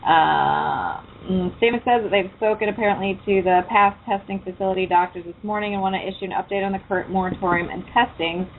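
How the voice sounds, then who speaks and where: A woman's voice: medium pitch, quick pace, creaky, hardly any pauses. A woman hosting a laid-back internet radio show. She chats in a loose, profane way. The sound is tinny and phone-like, with a faint hiss underneath. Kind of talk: casual internet radio chat.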